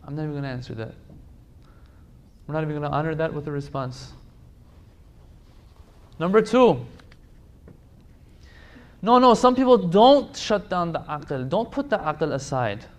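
A man's voice: fairly high pitch, very animated, unhurried, long pauses. A man giving a religious lecture to a congregation, emphatic, repeating phrases for stress and pleading directly with his listeners.

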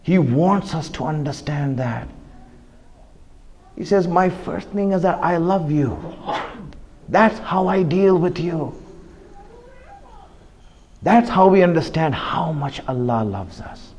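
Impassioned high-voiced male preacher. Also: lively intonation, slow pace, long pauses, highs cut off, a little hiss or hum. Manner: impassioned, rising and falling between loud pleas and hushed asides. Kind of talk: sermon.

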